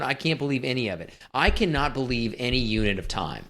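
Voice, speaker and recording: A man's voice: mid-range voice, sing-song, a little fast, few pauses, a bit bright. A man co-hosting a podcast who teases his partner and goes off on exasperated, sarcastic rants. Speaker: podcast co-host. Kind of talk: casual banter.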